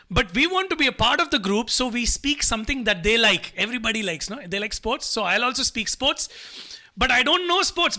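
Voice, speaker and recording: High, sharp-voiced man coaching students. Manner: repetitive, coaxing, asks the audience to type replies. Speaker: motivational speaker. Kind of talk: live online motivational talk to students.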